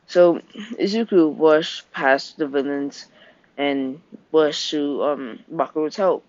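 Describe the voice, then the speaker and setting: A man casually retelling an anime plot, halting and rambling with many ums and restarts. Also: a little high, no echo. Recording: dull dry home recording.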